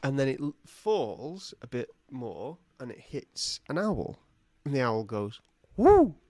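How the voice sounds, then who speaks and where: On a podcast, a male co-host gets animated and goofy, improvising a silly tale and performing many character voices. He speaks at medium pitch and a measured pace, recorded cleanly in a studio with no room sound.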